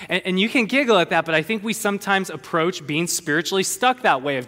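High bright-voiced pastor guy preaching, lively and jokey, big echoey church hall. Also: fairly quick, few pauses. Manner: animated, conversational preaching with playful asides. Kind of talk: sermon. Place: church sanctuary. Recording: long hall reverb.

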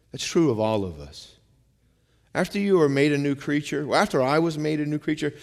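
A male pastor preaching a sermon in a conversational style, dropping low and quiet for some lines and rising for emphasis, asking the congregation for amens. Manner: conversational preaching, calls out amen; shifts between quiet low lines and raised emphatic ones. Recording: long hall reverb.

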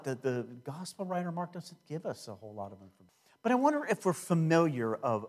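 Guy preaching a sermon, gets loud and emphatic, lots of restarts. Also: medium pitch. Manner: preaching with rising emphatic bursts and repeated phrases; restarts and "if you will" asides. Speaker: pastor.

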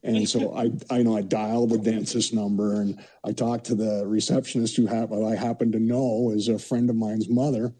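A man's voice: fairly low pitch, little pitch movement, normal speed, few pauses, warm tone, slightly rough, rough recording. A man in his sixties from Canada, a podcast guest telling rambling anecdotes laced with "you know". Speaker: podcast guest, former hockey player. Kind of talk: casual storytelling.

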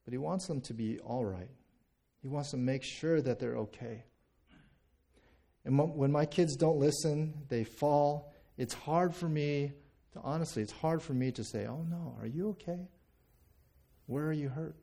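Man, 30s, pastor, sermon, conversational, mellow voice, from the US. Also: fairly high pitch, measured pace, creaky. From United States. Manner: conversational, repeats words, asks the congregation "right?".

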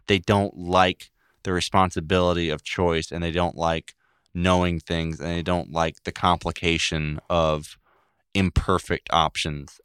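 A man with a low, smooth, resonant voice co-hosts a podcast in casual chat. His delivery is wry and deadpan, with sudden jumps into silly voices. The sound is close and dry. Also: no room sound. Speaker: podcast co-host.

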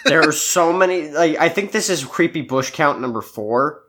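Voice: medium pitch, expressive, moderate pace, fairly bright tone. A co-host chatting casually on a podcast, making amused asides. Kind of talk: casual chat.

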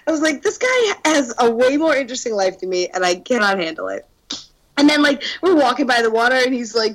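A young woman with a slightly high voice tells a story in casual podcast chat. She is animated, swears a lot and keeps laughing mid-sentence. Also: low-quality recording. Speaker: podcast co-host telling a dating story.

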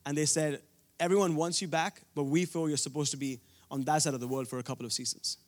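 A man's voice: a little high, fairly even intonation, fast talker. A young man from India preaching a sermon, telling a personal story earnestly, with frequent restarts.

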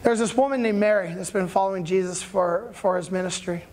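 A pastor preaches casually, retelling an old story in everyday language. The delivery is animated and conversational, with frequent check-ins to the listeners. It sounds like a friendly sermon rather than a formal one. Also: medium pitch, a little fast.

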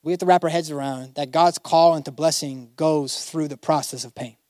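A man's voice: fairly high pitch, steady tone, brisk, a little mellow, no room sound, clean studio sound. A man preaching a sermon as a pastor, dramatically acting out biblical figures in casual modern speech.

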